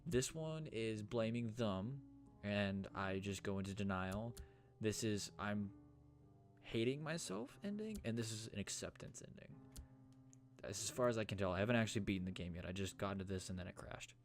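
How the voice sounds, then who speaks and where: A man's voice: fairly low pitch, animated, moderate pace, soft background music. A man casually commenting as he plays through a game, joking, self-deprecating and swearing freely. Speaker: let's player.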